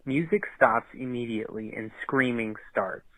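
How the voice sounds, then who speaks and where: A man on a voicemail reading a screenplay aloud in a flat monotone. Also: medium pitch, moderate pace, no room sound, close to an everyday voice, rough recording. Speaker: caller reading his script aloud.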